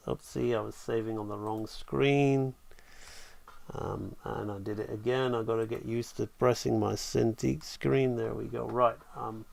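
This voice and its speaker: A man talks through his drawing on a live stream, enthusiastic and thinking aloud. His voice has a gravelly edge and an unhurried pace. The sound is close and dry. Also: medium pitch, no echo. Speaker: animation teacher.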